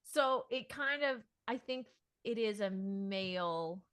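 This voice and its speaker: A woman's voice: medium pitch, expressive, slow pace, a bit bright, smooth, dry recording, studio quality. A woman co-hosting a podcast, talking casually, thinking aloud with fillers and laughing easily. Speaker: podcast co-host.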